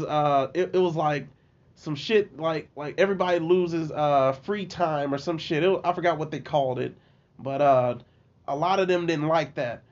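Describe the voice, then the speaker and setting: Young male podcast guest, high voice, animated storyteller who laughs a lot, dull lo-fi sound. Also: normal speed. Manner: animated, laughing, shifts to very high pitch when quoting himself. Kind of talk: casual storytelling.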